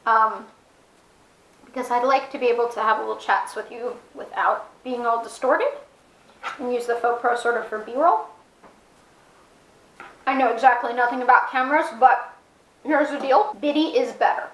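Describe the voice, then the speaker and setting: A woman's voice: fairly high pitch, fairly bright tone, echoey room, poor audio. A woman vlogging casually to an action camera at home, chatty and self-mocking, rambling as she talks. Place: indoors at home, with her dog nearby. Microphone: camera mic, fisheye action camera.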